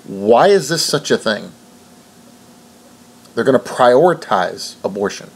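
A man's voice: mid-range voice, very animated, a little slow, gravelly, breathy edge. A man reading news stories aloud and breaking off to rebut them in an indignant, preachy way. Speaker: online commentator.

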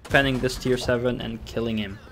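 A man's voice: medium pitch, fairly quick, a little hiss or hum. Man giving casual tank game commentary. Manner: relaxed, thinking aloud with fillers and restarts. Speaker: gameplay commentator.

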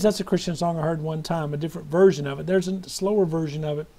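A man's voice: a little high, fairly even intonation, fast, few pauses, warm tone. A middle-aged man preaching a sermon with fervent hallelujahs and praise, sometimes breaking into song.

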